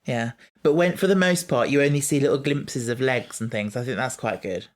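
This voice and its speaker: A podcast host, chatting casually about an episode, animated and quick to quote scenes. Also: mid-range voice. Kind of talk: casual chat reviewing an episode.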